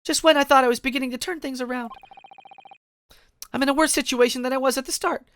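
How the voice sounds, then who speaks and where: A man's voice: extremely high pitch, steady tone, fast talker, a bit bright, a little hiss or hum, voice pushed up. A man voicing a flustered young male rookie lawyer from a video game, anxious and exclaiming. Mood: dismayed.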